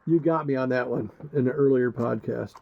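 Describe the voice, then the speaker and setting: A creaky, mid-range male voice moves a little fast as this podcast co-host chats casually. He rambles and cracks jokes with crude asides, and the recording sounds muffled and lo-fi.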